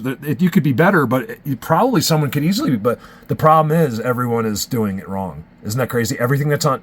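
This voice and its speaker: A man's voice: medium pitch, breathy edge. A man from New Jersey, a Bigfoot researcher, talking in a rambling, emphatic vlog rant. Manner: rambling and emphatic, restarts often.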